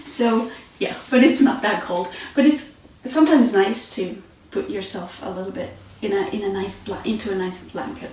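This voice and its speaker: A woman teaching meditation and yoga sitting positions in a relaxed, conversational way, with fillers and restarts, recorded on a mat at home. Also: medium pitch, normal speed, slight background noise. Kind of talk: instructional talk. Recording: very echoey room, mic at a distance.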